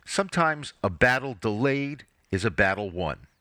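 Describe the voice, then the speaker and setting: Guy reading his family story aloud, wry, bright voice, dry sound. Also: medium pitch, lively intonation, moderate pace, no room sound. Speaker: narrator.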